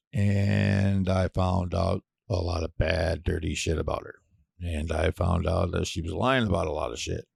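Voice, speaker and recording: A man hosting his own show, ranting in a casual monologue, blunt and profane with sudden loud outbursts. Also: sits low, vocal fry, slightly rough, dry recording, studio quality. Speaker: podcast host.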